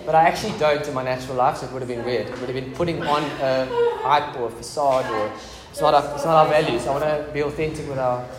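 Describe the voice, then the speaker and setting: A man's voice: medium pitch, fairly even intonation, quick pace, hardly any pauses, a crowd in the background. A man preaching a casual, joking sermon in a church hall. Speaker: pastor. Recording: echoey church hall with background noise.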